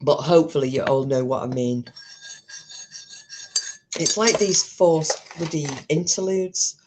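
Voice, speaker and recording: A woman's voice: deep voice, a little slow, a little mellow, a little hiss or hum. A woman chatting casually and bluntly on a live stream, swearing freely as she talks to her viewers.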